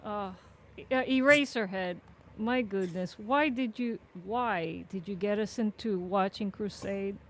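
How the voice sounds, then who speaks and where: A woman co-hosting a podcast in casual chat, unhurried and quick to laugh. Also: medium pitch. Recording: faint ambient noise.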